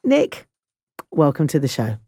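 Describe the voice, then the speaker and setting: Low, mellow-voiced woman radio host. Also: huge pitch swings, measured pace, slightly rough, no echo, clean studio sound. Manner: conversational, asks probing questions. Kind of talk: live talk radio news discussion.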